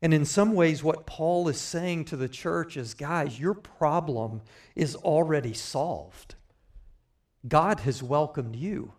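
A man preaching a sermon, explaining scripture in a measured way with light asides. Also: a little high, a little mellow.

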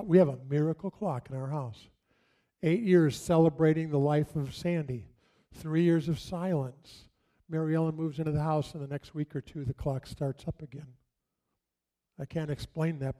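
With a fairly high, steady and mellow voice, a middle-aged man preaches as a pastor. He relates stories in a conversational manner, pausing for dramatic effect.

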